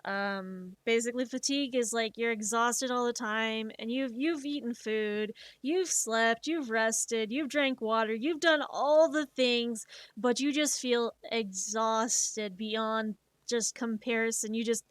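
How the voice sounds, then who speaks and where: A woman streamer chatting casually while she makes art, swearing freely and retelling things in an animated, emotional way. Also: a little high, measured pace, no echo. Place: home streaming setup.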